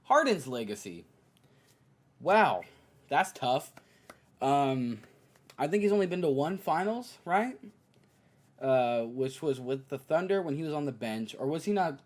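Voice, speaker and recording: A young man hosting a podcast, giving casual basketball opinions in an animated way and mocking players in high, exaggerated voices. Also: a little slow, long pauses. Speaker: podcast host.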